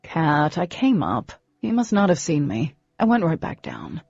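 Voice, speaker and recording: Cocky teenage boy in an audiobook, teasing and dismissive, low husky tone, dull recording, read by a woman. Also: huge pitch swings, unhurried, a little mellow, no echo, soft background music, heavily acted.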